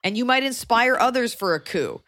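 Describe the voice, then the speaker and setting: A woman co-hosting an advice podcast, blunt and wry, given to quick rants. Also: fairly high pitch, lively intonation, fairly bright tone. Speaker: podcast co-host. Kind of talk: casual advice podcast chat.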